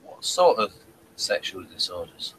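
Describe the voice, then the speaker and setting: Guy with a bouncy pitch, hesitant, faint crickets behind. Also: big pitch swings, unhurried, a bit bright, a little hiss or hum, low-quality recording. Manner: hesitant, questioning. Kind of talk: casual conversation.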